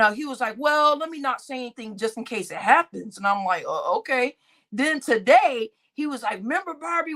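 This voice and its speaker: High, animated woman gossiping on a livestream. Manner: animated, laughing often, loud exclamations. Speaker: livestream host. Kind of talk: casual gossip chat.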